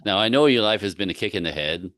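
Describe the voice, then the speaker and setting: Deep-voiced emphatic male coach. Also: expressive, a bit bright, no room sound, studio quality. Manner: emphatic, lists points slowly for stress. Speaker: relationship coach. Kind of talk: podcast conversation.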